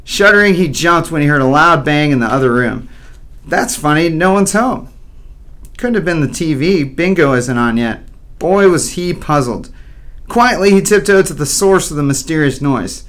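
Man, children's story narrator, playful, wry asides, somewhat high voice. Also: animated, moderate pace, a bit bright.

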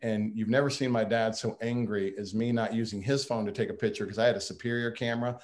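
A man's voice: fairly low pitch, steady tone, quick pace. A man giving a humorous, folksy farewell speech to a board, self-deprecating and prone to restarts.

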